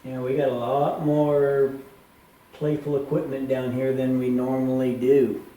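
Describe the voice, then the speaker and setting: A man working as a tour guide, telling a ghost story in a lively way and acting out what people said, in an underground mine tunnel. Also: medium pitch, unhurried. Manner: animated retelling with acted quotes. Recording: echoey tunnel, faint noise.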